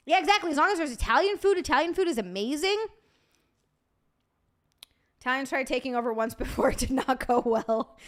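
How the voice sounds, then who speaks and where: A woman's voice: high voice, moderate pace, long pauses. A woman hosting a casual livestream, reading chat aloud, swearing and laughing often. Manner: profane, laughing, reacting to chat.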